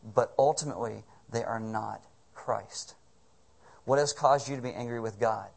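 A man's voice: mid-range voice, moderate pace, vocal fry. A man preaching a sermon as pastor, conversational and joking, firing off rhetorical questions.

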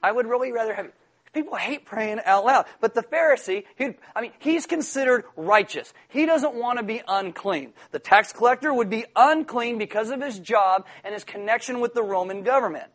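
A man preaching a sermon, animated and acting out the voices of people in his examples. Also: very high-pitched, normal speed, few pauses. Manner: animated, acts out quoted voices. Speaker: pastor.

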